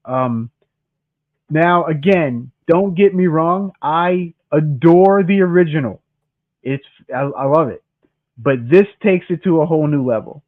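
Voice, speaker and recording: A man's voice: fairly high pitch, measured pace, dry recording. A man co-hosting a casual movie podcast, talking with enthusiasm and tripping over repeated words. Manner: enthusiastic, stammers on restarts. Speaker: podcast co-host. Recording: dry tinny phone-like call audio.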